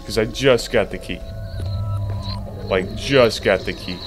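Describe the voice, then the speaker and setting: A man's voice: on the low side, takes it slowly, over music. A man giving jumpy, profane commentary to himself while playing a horror game. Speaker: gamer.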